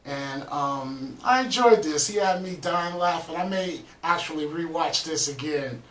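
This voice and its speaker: A man's voice: on the high side, animated, a little slow, a bit bright, reverberant, far from the mic, a little hiss or hum, rough recording. A man casually chatting as host of a reaction video, laid-back and rambling with lots of "um" and "man". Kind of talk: casual chat.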